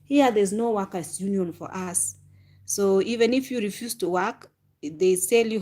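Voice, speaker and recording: A woman vlogger and former flight attendant, chatting casually on a livestream and telling animated stories in which she mimics passengers. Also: mid-range voice, a little slow.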